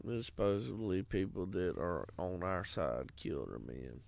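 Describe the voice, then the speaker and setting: A man's voice: deep voice, big pitch swings, unhurried, creaky, a little mellow, no room sound. A man in casual movie chat, rambling and profane, slipping into goofy voices as he retells scenes.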